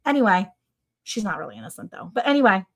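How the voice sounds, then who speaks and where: Animated, sarcastic woman telling a story. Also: fast talker. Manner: animated, sarcastic, with wide swings in pitch; chatty, with many "like" fillers. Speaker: livestream host. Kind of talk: casual storytelling to viewers.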